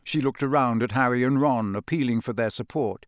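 A man's voice: medium pitch, a little fast, hardly any pauses, no room sound, clean studio sound. A man narrating a novel expressively as an audiobook reader. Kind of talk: scripted narration.

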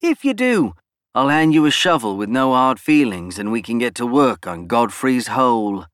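A man's voice: sing-song, normal speed, a bit bright, no room sound, clean studio sound. A man doing a brash, boastful schemer. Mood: threatening. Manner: snapping, boastful, raised pitch. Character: brash arrogant male politician, scheming.

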